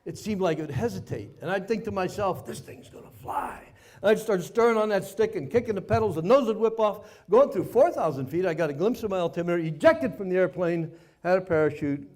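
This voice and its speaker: A man's voice: sits high, darkish tone. Folksy older man telling a war story. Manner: folksy, self-mocking storyteller with dramatic pauses. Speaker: guest speaker, former Navy pilot. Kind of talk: storytelling speech to an audience. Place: party venue before a live audience.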